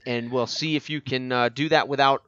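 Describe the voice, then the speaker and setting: A man's voice: mid-range voice, steady tone, normal speed, a bit bright. A man narrating as game master of a tabletop role-playing game, loose and full of filler words. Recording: muffled lo-fi audio.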